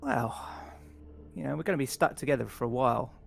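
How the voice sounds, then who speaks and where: A man's voice: mid-range voice, a little fast, gravelly. A man voicing a friendly, talkative male crew member with an upbeat, sociable manner. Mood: chatty.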